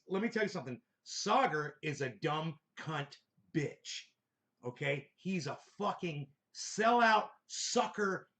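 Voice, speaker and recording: A man's voice: high-pitched, a bit bright. A man hosting a reaction show, ranting angrily and swearing at the clips he plays. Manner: angry, profane, mocking. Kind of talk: ranting commentary over clips.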